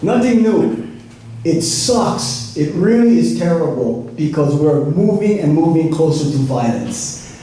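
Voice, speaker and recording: A man's voice: a little high, sing-song, normal speed, dark tone, slight background noise. A man giving exasperated, argumentative public testimony at a planning meeting. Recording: echoey meeting room from far off.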